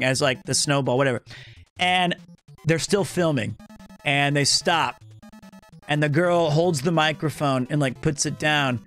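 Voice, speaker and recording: A streamer with a high-pitched, bright, forceful voice tells a story on a livestream at normal speed, talking casually, swearing freely and acting out the people he quotes. He stays animated throughout, with faint music behind him.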